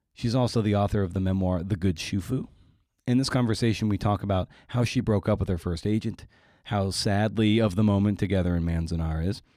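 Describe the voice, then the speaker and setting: A low-voiced man hosting a podcast and riffing through the intro with salty, sardonic asides. His voice sits close and dry on the mic, with no room around it. He talks loosely and bluntly. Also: warm tone, no echo. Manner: irreverent and profane, with wry asides. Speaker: podcast host. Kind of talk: casual monologue introducing a guest.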